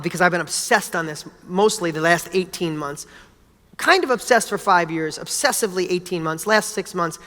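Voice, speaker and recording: A man's voice: sits high, fairly bright tone, in a large hall. A man giving a motivational talk. He tells personal stories in a casual, blunt way and swears now and then. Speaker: motivational speaker.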